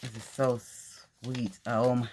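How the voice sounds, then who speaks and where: A woman's voice: very deep voice, level tone, unhurried, background noise. A woman casually chatting through an unboxing vlog at home, effusive, gasping and repeating her words. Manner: effusive, exclaims and gasps over items, repeats phrases. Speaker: crafting vlogger.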